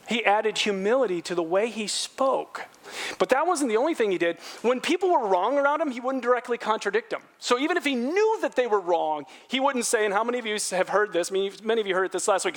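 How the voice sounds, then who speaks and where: High-voiced middle-aged male pastor preaching. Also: fast talker. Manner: animated, acts out quotes in a raised voice; drops low and quiet on earnest points. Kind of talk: sermon.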